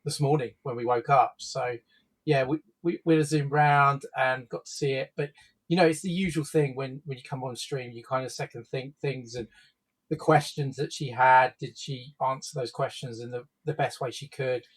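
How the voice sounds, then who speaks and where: A man's voice: mid-range voice, steady tone, normal speed, slightly rough, low-quality recording. Man, stream co-host, casual rambling chat full of fillers and restarts.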